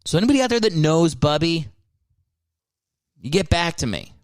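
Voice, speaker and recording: A man's voice: fairly high pitch, sing-song, normal speed, clear, resonant tone, dry recording. A man hosting a podcast, rambling through a casual monologue and poking fun at himself. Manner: rambling, self-mocking. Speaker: podcast host.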